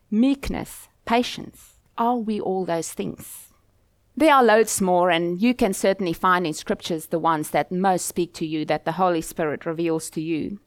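A woman's voice: on the low side, no room sound. Earnest woman preaching, dry close sound. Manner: earnest and steady, posing questions to the listeners. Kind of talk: sermon.

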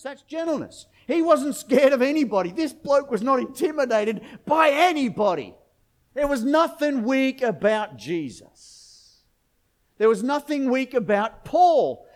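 A middle-aged man, preaching a sermon in an energetic, conversational way full of rhetorical questions. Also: very high voice. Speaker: pastor.

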